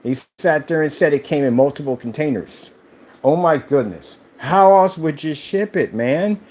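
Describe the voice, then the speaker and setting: A man's voice: fairly high pitch, animated, normal speed, a little mellow. A man who owns a screen paint company, ranting casually on a livestream and firing off rhetorical questions.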